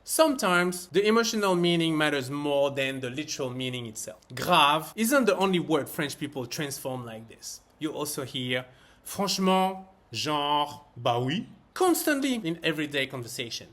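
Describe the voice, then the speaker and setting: A man teaching everyday French phrases in a scripted lesson. His voice sits a little high for a man and swoops through a wide, animated range. He leans on key words with expressive emphasis.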